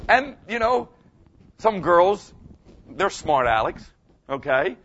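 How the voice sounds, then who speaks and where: Older man preaching, folksy and animated. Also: a little high, slow pace, pauses often, muffled recording. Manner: folksy, conversational preaching, asks the audience "okay?" often. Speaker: pastor. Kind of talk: sermon.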